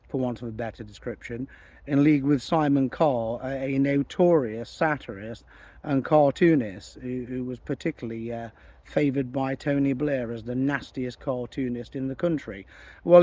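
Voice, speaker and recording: A man's voice: mid-range voice, a little mellow, dry recording. A man making an indignant, insistent statement as a political campaigner, repeating himself for emphasis. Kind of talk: recorded monologue statement.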